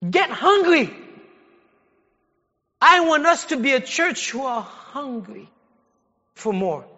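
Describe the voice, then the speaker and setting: A male pastor delivers a sermon in a loose, talky way and then climbs into forceful shouting. His voice sits very high and sounds sharp and bright. It rings through a reverberant church hall, and the recording is a little dull. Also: big pitch swings, slow. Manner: conversational preaching, rising to shouted exhortation. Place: church sanctuary.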